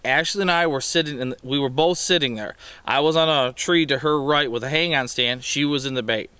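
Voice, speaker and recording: A man's voice: mid-range voice, a little fast, pushed and bright, clean tone, no echo. A man hosting a hunting show, telling the backstory in a matter-of-fact way.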